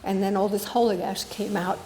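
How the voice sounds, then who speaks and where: Older woman, guest speaker, personal testimony, middle pitch, roomy meeting-room sound. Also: little pitch movement, fairly quick, a little mellow, slight background noise. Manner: earnest, storytelling with quoted dialogue. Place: spiritual center meeting room. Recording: echoey room with faint ambience.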